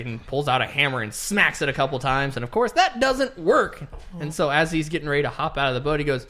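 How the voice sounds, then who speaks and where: A young man co-hosting a casual podcast, retelling a film plot in animated detail and acting out the characters' lines. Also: medium pitch, moderate pace. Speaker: podcast co-host reviewing a movie.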